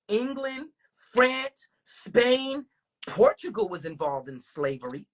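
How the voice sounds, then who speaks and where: A woman with a husky voice, hosting a casual livestream and ranting in animated, profane talk full of rhetorical questions. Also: fairly high pitch, takes it slowly. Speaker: livestream host.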